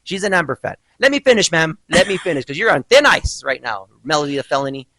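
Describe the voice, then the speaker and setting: A man hosting a podcast, telling a story with animated mock outrage in a casual chat. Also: fairly high pitch, quick pace, no echo, low-quality recording. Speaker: podcast host.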